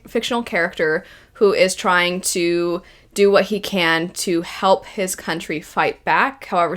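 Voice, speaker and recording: A woman with a slightly low voice talks through her analysis in a casual, unscripted way. She is thoughtful, pausing and restarting phrases as she works out what she means. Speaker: video essayist.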